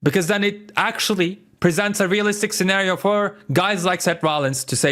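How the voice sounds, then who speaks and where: High-voiced man ranting excitedly. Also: fairly quick, few pauses. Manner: animated, exasperated, lots of fillers. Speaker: wrestling commentary YouTuber. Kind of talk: casual opinion rant.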